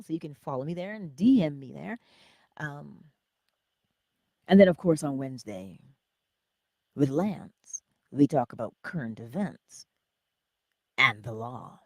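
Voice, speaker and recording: Lively, chatty woman livestream host. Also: low voice, measured pace, long pauses, no echo, studio quality. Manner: chatty, playful, shouts out viewers by name, laughs often; says she talks like a valley girl. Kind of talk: casual livestream sign-off.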